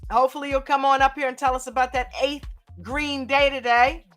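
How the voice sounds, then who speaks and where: Woman, stream host, lively casual greetings, higher voice, bright tone, soft music behind. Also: a little fast. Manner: lively, greets viewers by name, laughs often. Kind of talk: casual live chat shout-outs.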